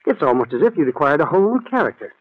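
A worried young husband who stammers and frets, his voice lively and fairly high, played by a man. It comes through a thin, tinny old radio broadcast. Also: racing. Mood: anxious. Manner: stammering, anxious.

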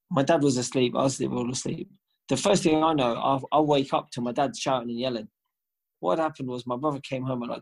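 A man's voice: mid-range voice, husky. A young man, co-hosting a podcast and telling a long family story in casual, slangy, profane chat. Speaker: podcast co-host.

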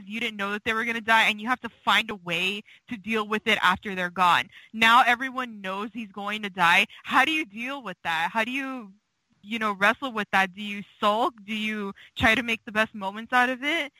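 A woman's voice: on the high side, moderate pace, sharp tone, no echo, poor audio. A woman co-hosting a fan podcast, talking casually and emotionally with many fillers. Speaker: podcast co-host.

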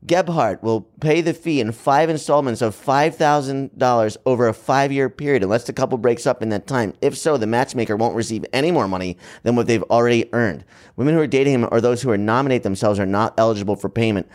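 A man's voice: medium pitch, quick pace, a little mellow. A man co-hosting a casual chat who reads internet stories aloud and adds mocking comments. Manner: reads news items aloud with mocking asides.

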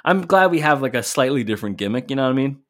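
A man in casual podcast chat, recapping a clip and tossing in the odd swear word. His voice sits at a middle pitch. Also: expressive, rapid-fire. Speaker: podcast co-host.

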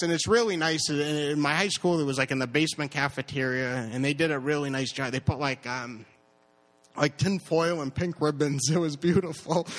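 A man with a slightly higher than usual voice tells a story live on stage. He stammers and repeats himself, and he jumps into animated impressions of other people as he goes.

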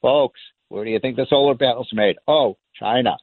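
A man's voice: mid-range voice, quick pace, no room sound. A man delivering an impassioned political monologue as a radio talk host, emphatic and sarcastic, hammering his points through repetition. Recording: tinny phone-line sound, dry.

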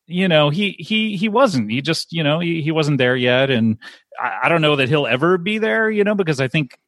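Man podcast guest, lively swooping pitch, wry casual talk, dry sound. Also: no echo. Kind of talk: casual chat.

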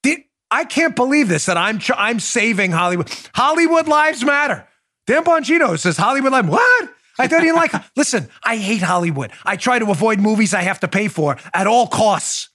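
Middle-aged male host, high voice, sarcastic and animated, prone to shouting asides. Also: moderate pace. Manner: mocking, loud outbursts, mock-theatrical recitation. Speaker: podcast host. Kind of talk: animated political commentary.

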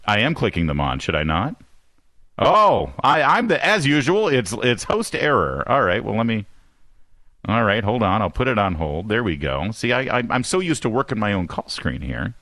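A man hosting a talk radio show, excitable and self-deprecating, with rambling asides, on a studio microphone. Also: on the low side, moderate pace, no room sound.

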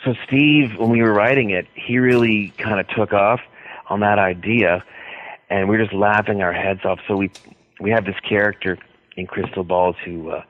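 A man being interviewed as an author, talking in a rambling, hesitant way with many pauses. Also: low voice. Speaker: author guest. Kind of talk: radio interview by phone. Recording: tinny phone line.

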